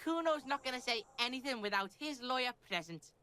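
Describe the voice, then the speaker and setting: A man's voice: very high-pitched, animated, fairly quick, pushed and bright, smooth, pitched above the performer's own voice, full character voice. A man voicing a crude, cocky boy in a game playthrough who talks about himself in the third person. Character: foul-mouthed scrappy boy.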